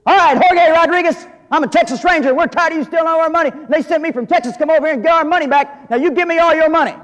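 A man voicing an angry lawman who shouts fast demands to get stolen money back. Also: extremely high pitch, pitched above the performer's own voice. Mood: angry, demanding. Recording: long hall reverb.

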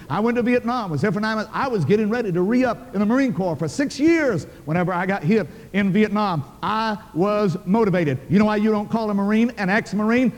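An older man preaches in a brisk, high-pitched voice. He tells his story in a folksy, emphatic way, and his words ring out in a large, echoing hall. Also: a little mellow. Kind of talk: sermon storytelling.

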